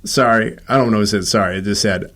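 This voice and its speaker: A man's voice: on the low side, fast talker, fairly bright tone. A man sharing a personal story in casual conversation, acting out the dialogue of the people in it with frequent restarts. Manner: acts out quoted dialogue, many restarts. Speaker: host telling his own story.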